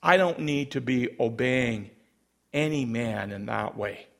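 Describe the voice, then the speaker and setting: A man voicing an indignant, outspoken professional woman who pushes back forcefully. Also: medium pitch, lively intonation, takes it slowly, gravelly, full character voice. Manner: incredulous, forceful.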